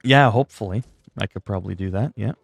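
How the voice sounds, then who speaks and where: This young man streams a game and talks casually, wandering from topic to topic with lots of fillers and jokes at his own expense. He speaks fast in a lowish, husky voice with vocal fry, and faint music plays behind him.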